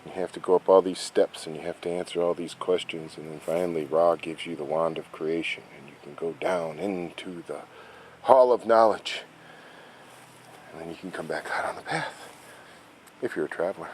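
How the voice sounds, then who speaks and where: Dad narrator, low voice, animated storytelling that dips into hushed asides, recorded outdoors. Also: male voice, normal speed, noisy background. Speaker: father.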